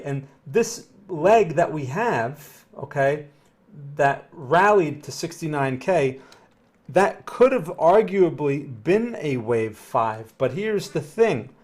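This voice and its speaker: A man with a Northern New Jersey accent talks through market charts on a live stream, his voice sitting a little higher than most men's. He explains patiently and casually, regularly pausing to ask whether it makes sense. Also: a little mellow. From New Jersey, USA. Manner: conversational, explanatory, often checks "does that make sense"; upbeat when greeting viewers. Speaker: trading analyst streamer.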